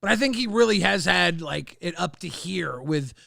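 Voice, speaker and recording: A man's voice: high-pitched, expressive, normal speed, gravelly, dry recording, studio quality. A man co-hosting a stream in casual chat, crude and joking, rambling between topics. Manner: bursts into loud ranting. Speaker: co-host of a commentary stream.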